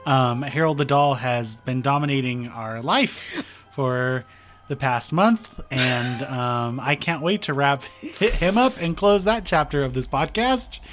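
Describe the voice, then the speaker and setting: A man's voice: mid-range voice, animated, fairly bright tone, soft background music. Giggly young man co-hosting a podcast. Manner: playful, giggly, drawn-out words. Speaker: podcast co-host. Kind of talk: casual chat.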